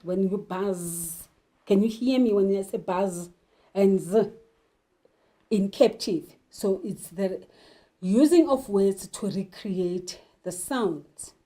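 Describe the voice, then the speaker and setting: A woman teacher explaining poetry and literature terms, slowly asking questions and answering them herself. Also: mid-range voice, dark tone. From South Africa. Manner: slow, deliberate, poses questions then answers them. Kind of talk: literature lesson.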